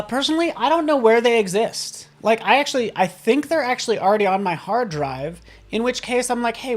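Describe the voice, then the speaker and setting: A man hosting a live software tutorial, upbeat and playful, often checking in with the viewers and tossing in silly sound effects. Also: extremely high pitch. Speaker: design software instructor.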